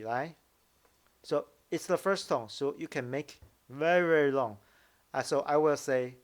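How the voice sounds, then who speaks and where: A man teaching Mandarin tones in a casual lesson, explaining slowly and repeating example syllables. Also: on the high side. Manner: slow, repetitive explaining, drawing out example syllables. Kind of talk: casual language lesson commentary.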